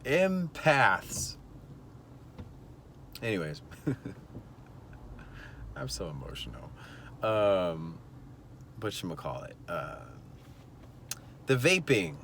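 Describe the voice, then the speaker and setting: A man's voice: fairly low pitch, sing-song, takes it slowly, pauses often, fairly bright tone, a little hiss or hum. A man with a Californian accent vlogging casually from a car, rambling emotionally with lots of fillers. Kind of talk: casual vlog commentary. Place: in a car at evening.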